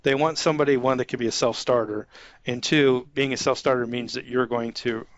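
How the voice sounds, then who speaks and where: A man who manages an IT staff, talking informally about soft skills and acting out example conversations with a light chuckle. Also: mid-range voice, steady tone, a little fast, dry recording, highs cut off. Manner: conversational, acts out example dialogues, chuckles often. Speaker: IT manager giving career advice.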